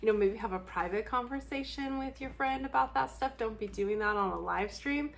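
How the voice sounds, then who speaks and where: A woman's voice: fairly high pitch, brisk, creaky. Blunt, candid woman chatting casually. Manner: blunt, candid, laughs often, swears casually. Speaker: book vlogger. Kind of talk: casual chat to camera.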